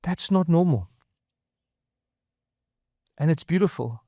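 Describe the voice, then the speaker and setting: A man preaching a conversational sermon as pastor, earnest and halting, often repeating and restarting his words. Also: a little high, lively intonation, dark tone, no room sound, studio quality. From outside the US.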